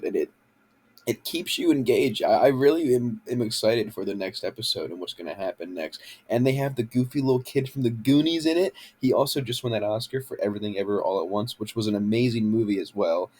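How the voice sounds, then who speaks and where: A man's voice: on the low side, fairly quick, a little mellow, slightly rough. A young man ranting about a show in a casual home vlog, swearing and rambling with lots of fillers into a handheld camera. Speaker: vlogger.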